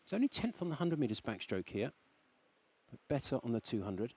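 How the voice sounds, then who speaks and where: A man's voice: medium pitch, big pitch swings, fairly quick, darkish tone, breathy edge. A man doing enthusiastic, exclamatory swimming commentary. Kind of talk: sports commentary.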